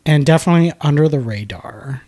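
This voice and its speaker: A woman's voice: deep voice, expressive, a little fast, warm tone, dry recording, clean studio sound. A young woman co-hosting a podcast, chatting enthusiastically and swearing casually. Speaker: podcast co-host. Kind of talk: casual chat.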